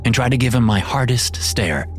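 A man narrating a first-person horror story in a wry, deadpan way. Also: medium pitch, moderate pace. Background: music.

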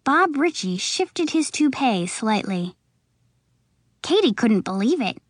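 A woman reading a children's storybook aloud, slow and expressive, putting on voices for the characters. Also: a little high, no echo, studio quality. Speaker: audiobook narrator. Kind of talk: storybook narration.

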